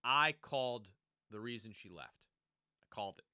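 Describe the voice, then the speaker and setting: Guy on a podcast going over a show, super animated, smooth clear voice. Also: on the low side, dry recording, clean studio sound. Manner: animated, acts out characters in quick impressions. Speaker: podcast co-host. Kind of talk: casual chat recapping a TV show.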